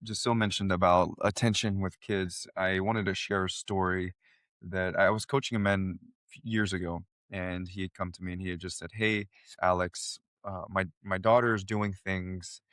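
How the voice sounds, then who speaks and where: A man co-hosting a podcast draws on his coaching work, speaking earnestly and with conviction. His voice sits a little low and sounds close and dry. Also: steady tone, moderate pace, fairly bright tone, no echo. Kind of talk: casual chat.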